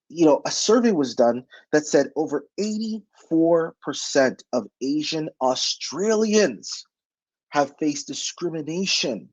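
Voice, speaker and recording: Man, webinar presenter, emphatic, rhetorical questions, husky, dry close sound. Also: fairly high pitch, no echo, muffled recording. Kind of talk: motivational webinar talk.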